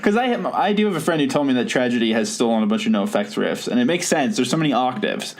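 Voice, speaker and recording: A man's voice: mid-range voice, lively intonation, quick pace, slight background noise. A man hosting a podcast in casual chat, rambling and laughing at his own stories. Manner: rambling, self-amused, laughs often. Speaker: podcast host.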